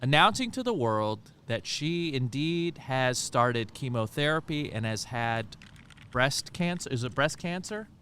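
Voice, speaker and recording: A man's voice: mid-range voice, big pitch swings, unhurried, pushed and bright, slight background noise. A man co-hosting a casual podcast chat, joking with sarcastic mock authority. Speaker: podcast co-host.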